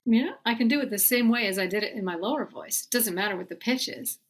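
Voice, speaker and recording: Speaking quickly in a mid-range voice, a woman teaches a singing lesson, patiently explaining things straight to her students. Now and then she stops to sing brief demonstrations.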